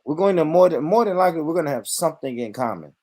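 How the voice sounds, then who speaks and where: An American man hosting a loose podcast conversation, relaxed and full of slang and swearing. His voice sits a little high, recorded close and dry. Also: fast, dry recording. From United States. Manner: laid-back, profane, slangy. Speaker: podcast host. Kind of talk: casual chat.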